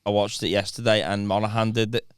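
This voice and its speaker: A man with a smooth, clear voice tells an easygoing story with a wry edge. He co-hosts a relaxed podcast chat. The sound is dry and close. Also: lowish voice, quick pace, no room sound. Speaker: podcast co-host. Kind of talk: casual chat.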